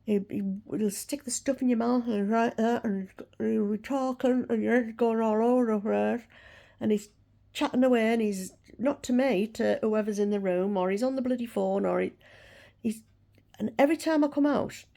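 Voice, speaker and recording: A woman's voice: fairly high pitch, moderate pace, vocal fry, dark tone. A woman, chatting frankly to camera and ranting about a dentist. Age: 60s. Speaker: vlogger. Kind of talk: casual chat to camera.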